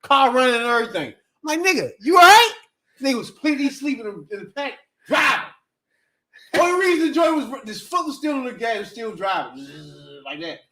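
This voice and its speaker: Animated high-voiced man telling a story. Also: a little fast. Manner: animated storytelling, shouts and laughs while acting out quotes. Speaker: podcast co-host. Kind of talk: casual podcast chat.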